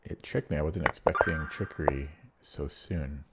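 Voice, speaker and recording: Low-voiced man muttering over puzzles. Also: moderate pace, creaky, very noisy. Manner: muttering to himself, frustrated and exasperated. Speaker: chess streamer. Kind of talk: casual thinking aloud while solving puzzles.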